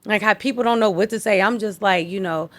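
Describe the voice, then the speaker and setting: A woman's voice: medium pitch, a little fast, fairly bright tone, dry recording. A woman on a podcast sharing a personal story about raising a grieving child. She talks earnestly and rambles, often checking in with "you know what I mean.". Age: adult parent. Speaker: podcast co-host. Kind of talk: personal conversation on grief.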